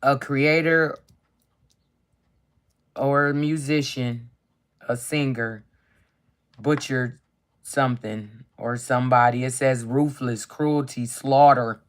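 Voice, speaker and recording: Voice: medium pitch, steady tone, slow pace, pauses often. A card reader on a casual live stream who reads card keywords aloud as lists, swears casually and keeps asking "okay?". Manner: casual and profane, often tags lines with "okay?".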